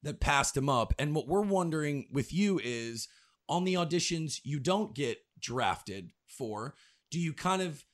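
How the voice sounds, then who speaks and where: A man's voice: fairly high pitch, lively intonation, a little slow. A man co-hosting a sports and entertainment show, asking long questions with stumbling repeats. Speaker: podcast co-host. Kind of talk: casual interview.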